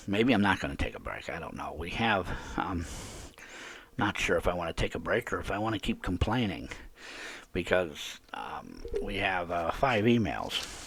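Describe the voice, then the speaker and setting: A man's voice: low voice, sing-song, normal speed, vocal fry, a bit bright, husky, no echo. A man hosting a live call-in podcast, ranting indignantly and repeating himself. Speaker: podcast host.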